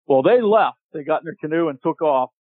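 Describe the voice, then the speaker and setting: Animated storyteller man on a tinny line. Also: on the high side, moderate pace, no room sound. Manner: animated, laughs while telling, acts out shouted quotes. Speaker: podcast guest. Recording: tinny dry phone-line audio.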